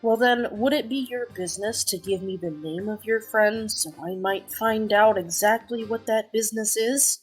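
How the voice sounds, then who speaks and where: A woman voicing a sly young male drow adventurer in a tabletop game, with a husky voice. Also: mid-range voice, normal speed, hardly any pauses, soft background music, natural voice, rough recording. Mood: probing. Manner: sly, probing, mock-innocent.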